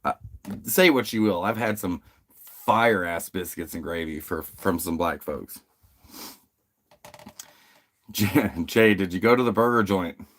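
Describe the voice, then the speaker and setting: A man's voice: sits low, slow, long pauses, a bit bright. A laid-back man from the United States hosting a casual livestream, chatting with viewers, swearing freely and giggling as he talks. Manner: laid-back, profane, giggly, reads chat aloud. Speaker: livestream host.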